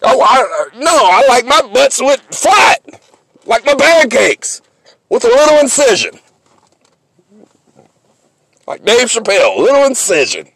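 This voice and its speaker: A man hosting a sports podcast, ranting comically and mockingly, swinging between loud outbursts and low asides. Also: big pitch swings, unhurried, pauses often, no echo. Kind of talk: comedic sports rant.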